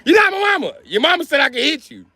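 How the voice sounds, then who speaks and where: A man voicing a strict, fed-up schoolteacher woman who shouts swearing scolds. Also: very high-pitched, very animated, fast talker, dry recording, pitched above the performer's own voice, full character voice. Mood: scolding.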